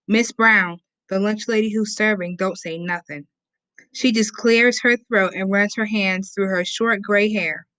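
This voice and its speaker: Woman reader, middle pitch, dry close sound, casual first-person narration. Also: a bit bright, dry recording. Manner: casual, conversational storytelling. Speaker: audiobook reader.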